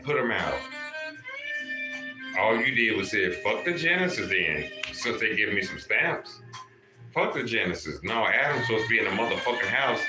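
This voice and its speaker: A man's voice: on the low side, reverberant. A man hosting a livestream, lecturing his viewers in a profane, preachy way and calling out to people in the chat. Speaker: livestream host.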